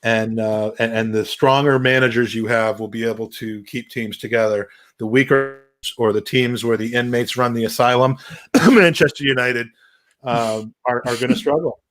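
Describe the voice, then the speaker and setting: A man talks loosely as a podcast host. He stumbles and restarts often and throws in dry jokes. His voice sits at an ordinary middle pitch. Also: steady tone, normal speed, a bit bright. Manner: rambling, many restarts, wry humor. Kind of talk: casual podcast chat.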